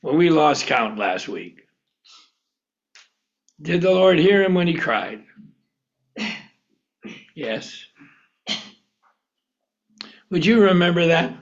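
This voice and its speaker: Slow, high-voiced man teaching Scripture. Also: very animated. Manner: questioning the group, chuckling often. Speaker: Bible study teacher. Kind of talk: teaching a Bible lesson. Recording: dull lo-fi recording.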